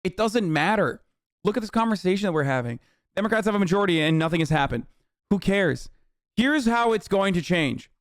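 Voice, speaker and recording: Streaming to his chat, this man delivers an angry political rant in reaction to the news, swearing a lot and dripping with sarcasm. His voice sits high and is expressive and fairly quick, captured at studio quality with no room sound.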